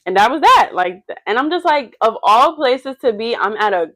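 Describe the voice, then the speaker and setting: A woman's voice: a little high, normal speed, no room sound. A young woman hosting a podcast, telling stories animatedly and acting out what people said. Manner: animated storyteller, acting out quotes. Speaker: podcast host. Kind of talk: casual chat.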